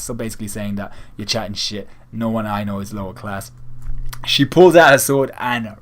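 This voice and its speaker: A man's voice: on the low side, moderate pace. Young man rambling through a manga review. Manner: rambling, retells scenes with quoted lines. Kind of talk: casual chapter review monologue.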